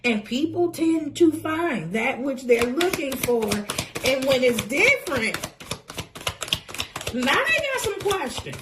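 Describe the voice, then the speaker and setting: A woman's voice: sits high, very animated, slow, heavy background noise. A woman giving a casual tarot reading, talking bluntly and sassily with profane, preachy asides. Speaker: tarot reader.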